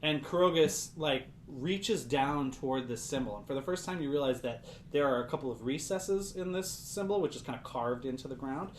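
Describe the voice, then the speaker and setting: A man's voice: medium pitch, moderate pace, few pauses. A man narrating a tabletop game as game master, rambling with many restarts. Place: studio room. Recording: echoey room with faint noise.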